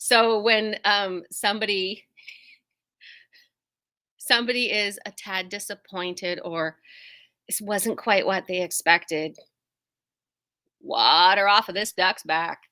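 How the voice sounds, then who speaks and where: Speaking slowly in a mid-range voice and pausing often, this middle-aged quilt shop owner and host chats casually with viewers. She goes off on tangents, jokes at her own expense, and makes lively asides.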